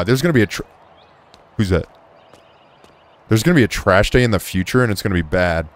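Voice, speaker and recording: A man's voice: lowish voice, lively intonation, a little fast, pauses often. A man commentating a horror game he is playing, cursing often, joking and easily startled. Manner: profane, jumpy and joking. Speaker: gaming YouTuber.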